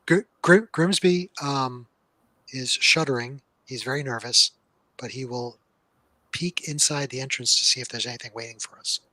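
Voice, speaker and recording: A man playing a tabletop game, speaking hesitantly and haltingly. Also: mid-range voice, sharp tone, dry recording, low-quality recording. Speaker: player. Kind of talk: casual tabletop game chat.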